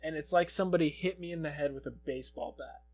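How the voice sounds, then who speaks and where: A man's voice: a little high, fast talker. A young man co-hosting a podcast, telling a rambling, profanity-laced story in casual chat. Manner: rambling storyteller, swears a lot. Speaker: podcast co-host.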